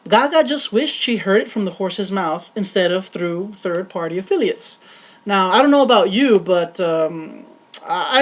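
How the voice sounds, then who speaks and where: A woman host reading a scripted film review with earnest tone and wry asides. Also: medium pitch.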